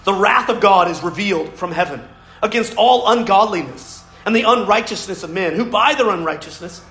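High-voiced man preaching in an echoey room. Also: expressive, a little fast, bright, forceful tone. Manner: earnest, emphatic, asks "right?" often. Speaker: pastor. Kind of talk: sermon.

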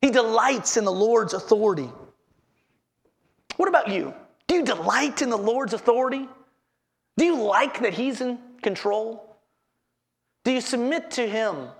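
A man's voice: very high voice, lively intonation, measured pace, vocal fry, pauses often. A man preaching a sermon as pastor, earnestly repeating his headings and asking the congregation questions.

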